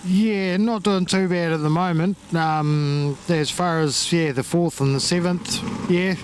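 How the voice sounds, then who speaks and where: Brief: modest, hesitant New driver, slightly high voice, loud engines behind. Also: male voice, steady tone, unhurried. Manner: modest, laid-back, hesitant. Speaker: racing driver. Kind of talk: trackside interview. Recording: loud engine noise outdoors.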